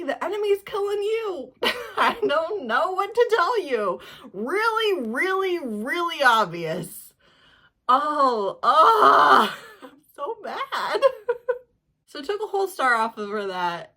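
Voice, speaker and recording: A woman's voice: sits high, a bit bright. A young woman talking casually as a book reviewer, ranting with sarcasm and laughing often. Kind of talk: casual reading vlog.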